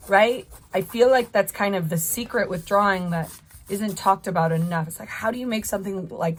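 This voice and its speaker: A woman art teacher talking through a drawing as she works, encouraging her viewers step by step. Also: medium pitch. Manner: encouraging, talks while drawing. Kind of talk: live drawing tutorial.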